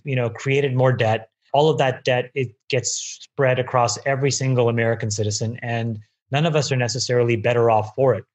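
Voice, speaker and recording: Male guest, mid-range pitch, measured, hedging interview answers. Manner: measured, thinks aloud with hedges. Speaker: guest investor.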